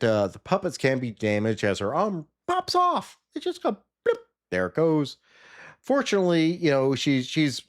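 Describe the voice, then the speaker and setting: A man casually recapping a TV episode, sarcastic and animated, sometimes mimicking the characters. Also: medium pitch, clean tone. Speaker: TV episode reviewer.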